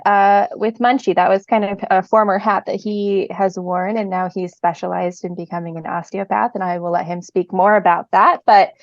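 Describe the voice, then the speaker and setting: A woman co-hosting a podcast, chatting in a bubbly, enthusiastic way and reading aloud warmly. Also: medium pitch, steady tone, moderate pace, hardly any pauses, no echo. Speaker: podcast co-host. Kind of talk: casual podcast chat. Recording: dry, dull lo-fi sound.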